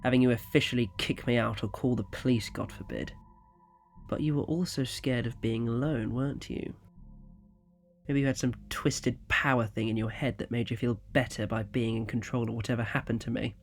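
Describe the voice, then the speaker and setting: A man voicing a resentful, bitter adult son who mutters low and sarcastic. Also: steady tone, normal speed, creaky, soft background music, close to an everyday voice. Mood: sneering.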